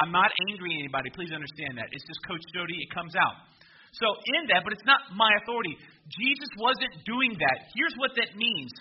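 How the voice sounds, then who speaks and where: High-voiced pastor preaching a lively sermon. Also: male voice, lo-fi sound, a little hiss or hum. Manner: conversational, builds to loud emphatic peaks.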